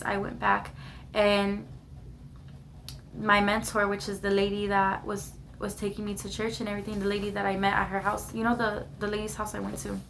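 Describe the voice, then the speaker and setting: A woman's voice: medium pitch, vocal fry, a little hiss or hum. A young woman vlogger giving a heartfelt personal testimony to the camera, earnest and repeating words for emphasis. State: emotional at times. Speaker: vlogger sharing her testimony.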